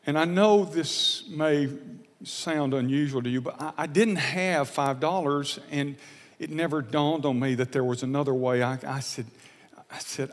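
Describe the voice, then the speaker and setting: Earnest preacher man in an echoing hall. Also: on the high side. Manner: earnest, confessional, halting with repeated words. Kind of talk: sermon storytelling.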